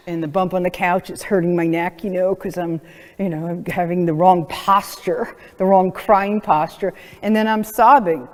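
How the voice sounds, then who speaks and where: Woman, middle-aged chiropractor, seminar speaker, earnest and rambling, ordinary pitch, long echo of a large hall. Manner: earnest, conversational, many "you know" fillers. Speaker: chiropractor giving a seminar talk. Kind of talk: seminar lecture to practitioners.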